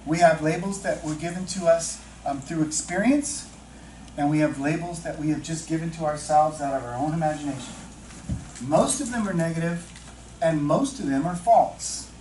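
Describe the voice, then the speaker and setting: A man leading a teacher-mentoring workshop, chatting with the audience, asking questions and slowing down to stress key points. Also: a little high, a little mellow, a little hiss or hum. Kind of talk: interactive workshop talk. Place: training room with audience. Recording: echoey room, distant mic, faint ambience.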